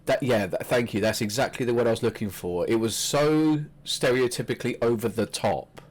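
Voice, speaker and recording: Man, podcast co-host, casual chat, swears freely, mid pitch. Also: brisk, breathy edge. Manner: chatty, animated, swears freely.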